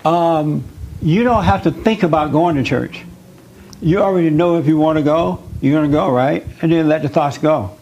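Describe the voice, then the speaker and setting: An earnest male teacher preaching to a small group, coaxing them along with questions and repeated words. His voice sits a little high for a man. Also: normal speed, a little mellow, lo-fi sound. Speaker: spiritual teacher leading a group. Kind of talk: interactive sermon with audience questions.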